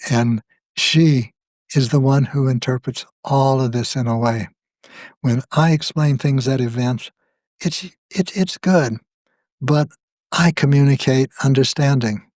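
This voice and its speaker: An older man talks slowly and deliberately, weighing each thought as a guest in a reflective conversation. His voice sits at an ordinary middle pitch and the recording is close and dry, with no room sound. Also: a little mellow, no echo. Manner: slow, measured, thoughtful. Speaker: guest, spiritual author.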